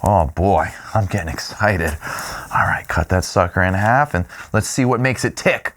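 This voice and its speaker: A man hosting a food tasting show, playful and excitable, humming with delight between bites. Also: low voice, moderate pace. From Louisiana, US.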